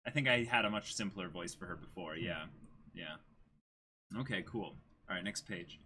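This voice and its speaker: Laid-back man chatting low. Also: moderate pace, bright, forceful tone, a little hiss or hum. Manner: laid-back, chuckling asides. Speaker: co-host reading aloud. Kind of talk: casual chat between reading.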